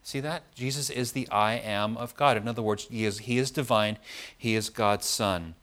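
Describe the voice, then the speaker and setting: A man's voice: on the low side, normal speed, fairly bright tone. A man preaching a Bible study, explaining scripture in a conversational way and often checking in with his listeners.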